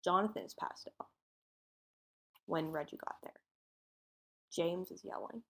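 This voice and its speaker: On a podcast, a woman co-host casually retells a true-crime case, acting out its dialogue in informal speech. Her gravelly voice is on the low side and fairly bright, and she takes her time.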